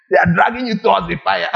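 A male preacher giving a lively sermon, firing rhetorical questions at the congregation and acting out little scenes. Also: high-pitched, vocal fry, poor audio.

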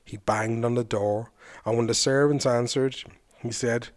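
A man's voice: medium pitch, steady tone, a little slow. A man hosting a podcast, narrating a folk tale and then chatting reflectively about it. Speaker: folklore podcast host. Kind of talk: storytelling narration.

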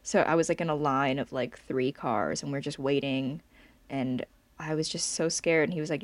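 A young woman chatting casually and telling an animated, giggly story with lots of "like" fillers. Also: sits low, moderate pace, no echo. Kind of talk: casual chat.

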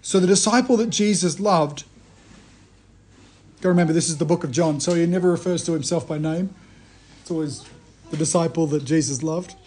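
A man giving a conversational sermon, retelling a story in a lively way and often restarting his phrases. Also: fairly high pitch, fairly quick, long pauses, slightly rough. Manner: animated storytelling, frequent restarts. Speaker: preacher.

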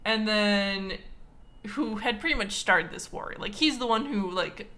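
A woman's voice: mid-range voice, unhurried, bright, forceful tone. A woman from Wisconsin hosting a casual history podcast, chatty and playfully indignant, with lots of fillers. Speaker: podcast host.

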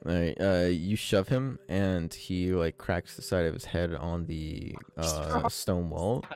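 A man narrating as game master of a tabletop role-playing game, casual and laughing at times, with music playing softly behind him. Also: sits low, takes it slowly, clear, resonant tone.

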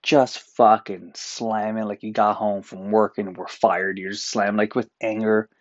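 A man's voice: fairly low pitch, little pitch movement, moderate pace, no room sound, lo-fi sound. A man from Newfoundland hosting a solo podcast, ranting in an exasperated, profane way. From Newfoundland, Canada. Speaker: podcast host. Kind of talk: casual solo podcast rant. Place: apartment room.

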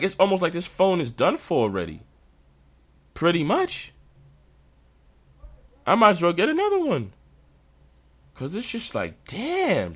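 A man's voice: high-pitched, no room sound. Man ranting casually, dry close sound. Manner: animated, ranting, slangy. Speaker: podcast host. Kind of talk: casual podcast rant.

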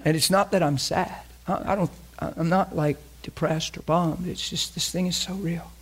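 A man preaching a sermon with a somewhat high voice. He talks with passion and throws direct questions to his congregation. His delivery swings from loud emphasis to hushed, almost whispered lines. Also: fairly even intonation, moderate pace, a little hiss or hum.

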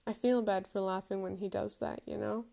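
A woman's voice: mid-range voice, fairly even intonation, moderate pace, gravelly, warm tone. A woman in her thirties telling a candid, reflective personal story with self-deprecating humour.

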